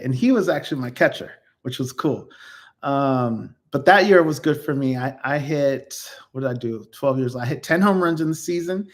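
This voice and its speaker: A man in his fifties telling stories from his own life in a casual, rambling way, full of ums and self-corrections. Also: a little high. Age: 50s. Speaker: YouTuber reflecting on his life. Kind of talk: casual personal storytelling.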